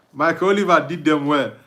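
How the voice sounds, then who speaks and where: A young Nigerian man with Igbo-accented English hosts a live football watch-along, his voice on the high side and a bit bright. He reads out viewer comments from the stream chat and answers them, laughing often.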